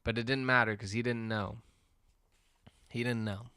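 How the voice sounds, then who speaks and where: A man hosting a podcast, delivering a rambling, profane comedic rant in a deadpan way. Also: medium pitch, moderate pace, clean tone, no echo, clean studio sound. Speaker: podcast host.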